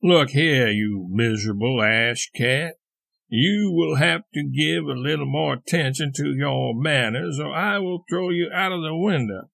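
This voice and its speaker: A man voicing an irritable gentleman who answers sharply and crustily. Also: medium pitch, sing-song, normal speed. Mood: angry. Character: irritable, indignant gentleman storyteller.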